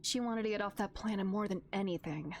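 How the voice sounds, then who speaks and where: A woman reading as a gentle, reminiscing farmer dad. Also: medium pitch, fairly quick, a little hiss or hum, natural voice. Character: gentle middle-aged farmer dad, tender. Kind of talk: reading game dialogue aloud.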